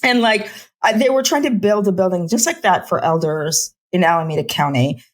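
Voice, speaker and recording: A middle-aged woman with a somewhat low voice speaks as a guest in a podcast interview. She is a physician, and she talks in impassioned run-on bursts peppered with "like" and "you know". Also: a little fast. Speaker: physician and homelessness researcher.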